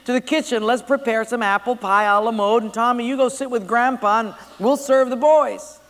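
A man's voice: very high voice, steady tone, normal speed, a bit bright. Bustling old grandma, as a preacher puts her on. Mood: cheerful. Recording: long hall reverb.

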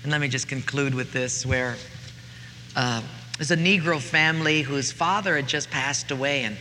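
A man's voice: mid-range voice, normal speed, bright, forceful tone, a little hiss or hum. A middle-aged man preaching a sermon, telling a story in a folksy, earnest way, recorded in a reverberant church hall with faint ambience.

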